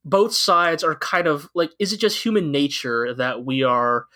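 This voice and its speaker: Man, podcast co-host, bright tone, slightly high voice, excited rambling chat. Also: unhurried. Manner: enthusiastic, rambling with many fillers. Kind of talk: casual anime recap chat.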